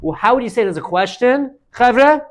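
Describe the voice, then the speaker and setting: High-voiced man teaching a lively class. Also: a little fast. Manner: animated, calls on students by name and presses them with questions. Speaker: Talmud teacher. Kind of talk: classroom Talmud lesson. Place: classroom with students.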